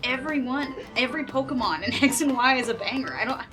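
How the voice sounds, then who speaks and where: Woman streamer, somewhat high-pitched, excitable and foul-mouthed, over clear game music. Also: quick pace. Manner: excitable, swears freely. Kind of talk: casual gaming chat.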